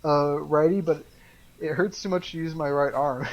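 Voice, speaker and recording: A man's voice: fairly high pitch, moderate pace, muffled recording. A man co-hosting a casual podcast, telling stories in a rambling way with lots of ums, restarts and laughter. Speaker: podcast co-host. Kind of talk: casual chat.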